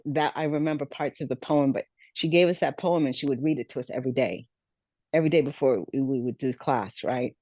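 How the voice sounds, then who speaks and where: A woman's voice: very deep voice, warm tone, no echo. A woman guest on a podcast telling her life story, reflective and repeating key phrases for emphasis. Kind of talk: storytelling interview.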